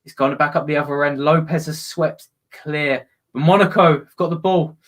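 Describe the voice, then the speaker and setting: A man with a slightly high voice hosts a live football watch-along, chatting with viewers between plays. When the action heats up he breaks into excited, loud commentary. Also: moderate pace.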